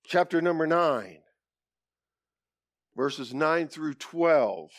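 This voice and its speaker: Animated, high-voiced folksy preacher man. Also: drawn-out words, no room sound, clean studio sound. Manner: animated, folksy, with whoops and asides. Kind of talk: sermon.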